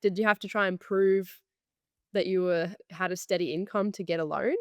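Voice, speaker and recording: A woman's voice: lowish voice, fairly even intonation, normal speed, no room sound. A woman, co-hosting a podcast in direct, casual talk with swearing and many fillers. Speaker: podcast co-host.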